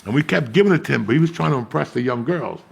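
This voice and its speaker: A middle-aged man from Cuba, telling profane stories in an animated, casual chat as host. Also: mid-range voice, very fast, creaky, breathy edge. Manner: animated, profane storytelling with Spanish asides. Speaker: podcast host.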